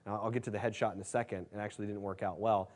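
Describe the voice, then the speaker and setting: A man's voice: fairly low pitch, steady tone, very fast, darkish tone. A man presenting a dating seminar in a brash, casual storytelling way, swearing freely and leaning on fillers. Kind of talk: casual seminar talk to a live room.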